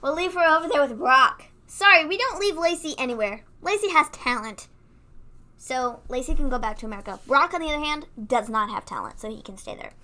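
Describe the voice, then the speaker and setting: A woman's voice: high voice, expressive, fairly quick, bright, forceful tone. A woman co-hosting a casual live-stream recap, giving blunt and dismissive opinions. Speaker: co-host.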